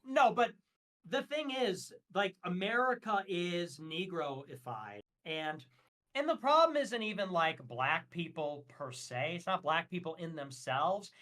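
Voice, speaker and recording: A man's voice: high voice, animated, unhurried, pushed and bright. A man talking as a guest on a casual livestream, ranting emphatically and with strong opinions, with frequent fillers.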